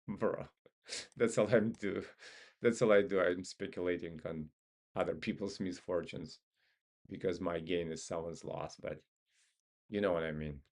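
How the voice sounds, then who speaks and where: A man's voice: low-pitched, vocal fry. A man with a Russian accent, talking casually to himself while he goes over stock charts and joking now and then. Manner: laid-back, muttering to himself, joking. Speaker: stock market streamer. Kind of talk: casual trading commentary.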